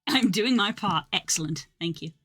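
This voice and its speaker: A woman's voice: medium pitch, animated, moderate pace, a bit bright, slightly rough. A young woman streaming live, chatting casually and commenting on her work while she edits a video.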